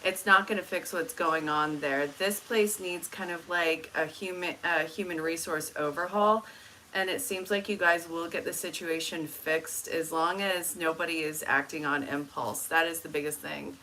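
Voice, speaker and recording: A woman reads tarot on a live stream, casually answering viewers and greeting them by name. Her voice is bright and crisp, and her humor is dry and deadpan. A faint background hum sits under the recording from her home setup. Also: sits low, normal speed, rough recording. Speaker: tarot reader and life coach.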